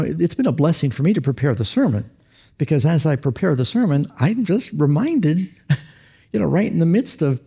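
A man's voice: medium pitch, mellow, slightly rough. A man preaching a sermon, telling stories with acted quotes and chuckles. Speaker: pastor.

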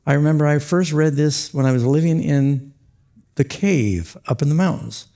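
A man's voice: fairly high pitch, moderate pace, warm tone. A man preaching a sermon, telling stories with acted quotes and chuckles. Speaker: pastor.

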